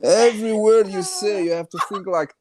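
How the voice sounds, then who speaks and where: A man's voice: high-pitched, steady tone, normal speed, background noise. A man, defending himself with exasperation and casual swearing in banter on a live stream.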